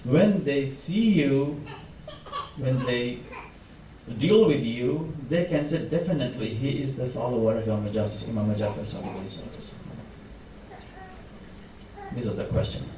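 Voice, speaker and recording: A man's voice: medium pitch, lively intonation, normal speed, pauses often, background noise. Impassioned man preaching in an echoey hall. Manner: impassioned, rising emphasis on repeated phrases. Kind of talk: sermon. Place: mosque hall. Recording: echoey hall, mic from far off.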